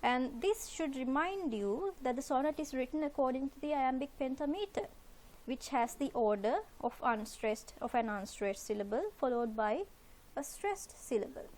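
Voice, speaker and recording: A woman with a fairly high voice teaching a literature lesson over slides. She explains step by step, patiently and methodically, circling back to repeat her points with plenty of "uh" fillers. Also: lively intonation, moderate pace, darkish tone.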